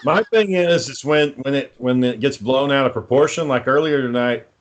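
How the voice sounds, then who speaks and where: A man's voice: mid-range voice, normal speed, dull audio. Profane man telling heated stories. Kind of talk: casual chat.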